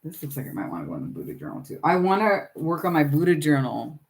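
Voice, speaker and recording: A woman's voice: sits low, wildly swooping pitch, quick pace. A middle-aged woman hosting a casual crafting livestream, chatting with viewers by name while she works on her journals. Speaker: livestream host.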